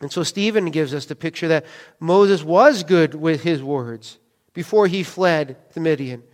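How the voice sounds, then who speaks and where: A man's voice: a little high, unhurried. A male pastor preaching a sermon in a conversational way, often asking the congregation questions. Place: church hall. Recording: long reverb of a church hall.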